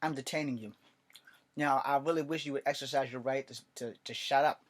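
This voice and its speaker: A man reading the part of a tough woman federal agent, curt and swearing, with an ordinary mid pitch. She cuts people off and has no patience. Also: steady tone, brisk, close to an everyday voice. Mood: irritated.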